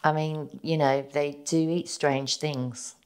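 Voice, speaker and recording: A woman with a low voice takes part in a casual podcast chat. She speaks in a measured way and keeps steering to new topics. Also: steady tone, a little mellow, clear, resonant tone. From England. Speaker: podcast co-host.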